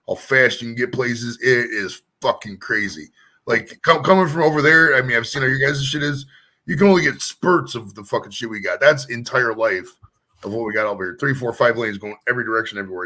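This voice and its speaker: An American man in casual conversation, talking fast and rambling from story to story. His voice is bright and forward, and he swears constantly for emphasis. The delivery is loose and animated. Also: mid-range voice. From United States. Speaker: painting stream host. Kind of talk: casual chat.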